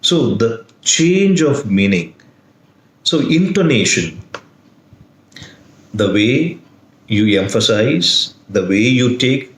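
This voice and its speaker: A man teaching a video lesson in a slow, deliberate way, leaning hard on single words. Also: medium pitch. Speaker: lecturer. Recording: echoey room.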